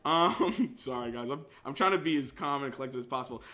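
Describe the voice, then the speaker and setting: A man's voice: mid-range voice, fairly quick. A young man streaming casually, reacting to and reading out his chat. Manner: animated, reads chat aloud. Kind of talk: casual live-stream commentary.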